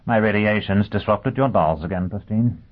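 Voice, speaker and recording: A man doing a gruff impatient man. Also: on the low side, normal speed, voice pushed up, lightly acted. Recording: tinny phone-like audio.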